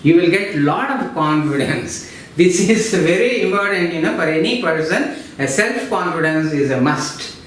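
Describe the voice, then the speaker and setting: A man's voice: a little high, expressive, normal speed, a bit bright. A man, giving an explanatory lesson in a lecture style, repeating himself and restarting phrases. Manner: explanatory, repetitive, frequent fillers and restarts. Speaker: English teacher. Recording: very echoey room with faint noise.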